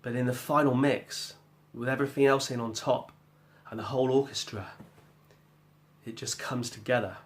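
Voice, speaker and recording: A man's voice: mid-range voice, steady tone, normal speed. A man talking casually about making music at home, rambling and chatty, with jokey asides and bits of scat-singing. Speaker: musician vlogger. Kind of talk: casual spoken vlog. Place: home kitchen.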